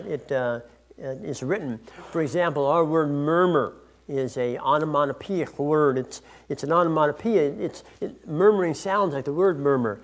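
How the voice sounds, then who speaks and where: A man preaching a sermon in an earnest, explanatory way, restarting phrases now and then. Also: on the high side. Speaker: pastor.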